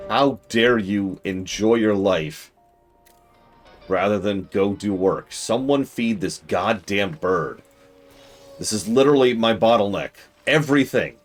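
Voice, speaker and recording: A man streaming a game, commenting live and exasperatedly scolding the characters on screen, switching between loud outbursts and low muttering.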